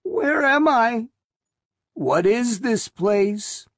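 A man's voice: very high-pitched, expressive, very slow, dry recording, studio quality, pitched above the performer's own voice, full character voice. A man reading aloud and voicing a frightened old man, buried alive, who speaks in a weak, quavering voice. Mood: panicked. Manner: panicky, pleading.

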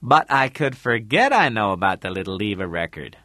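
A man voicing a scheming middle-aged man who gives hurried instructions. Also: lowish voice, very animated, pushed and bright, no room sound, studio quality.

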